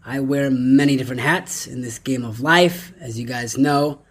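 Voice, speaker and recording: A man hosting his own podcast, talking solo in an upbeat, energetic way and often tagging lines with "right?". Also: medium pitch. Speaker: podcast host. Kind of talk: solo motivational podcast talk.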